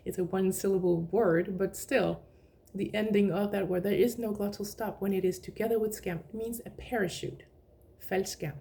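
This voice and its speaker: A woman with a Danish accent gives a relaxed language lesson, chatty and friendly with little laughs. Her voice is low and mellow, with a gravelly edge. She slows down to repeat single words again and again so the listener can catch the sound. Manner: repeats words slowly to demonstrate pronunciation.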